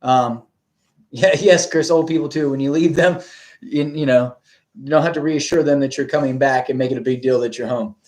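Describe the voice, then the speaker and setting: A man, a dog trainer, explaining in a relaxed, rambling way with frequent ums and asides to viewers. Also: medium pitch, moderate pace. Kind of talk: casual instructional talk.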